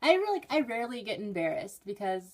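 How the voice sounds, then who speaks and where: A teenage girl telling stories in a casual, rambling vlog from her bedroom, with bursts of excited emphasis. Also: medium pitch, fast talker, a little hiss or hum. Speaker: vlogger.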